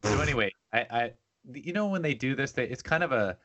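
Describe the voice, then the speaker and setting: A podcast co-host with a mid-range voice talks a little fast in casual chat. He tells stories animatedly, acting out other people's voices.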